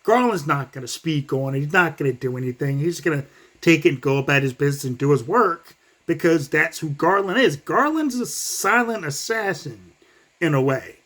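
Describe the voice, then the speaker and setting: A man giving a casual, profane commentary rant as a vlogger, talking in fast bursts. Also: on the high side. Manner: profane, animated, fast bursts, acts out quotes.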